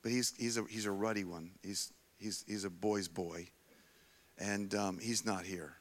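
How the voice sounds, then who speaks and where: A man voicing a sheepish older father who speaks in a hesitant, halting way. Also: on the low side, steady tone, pitched below the performer's own voice, natural voice. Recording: long hall reverb.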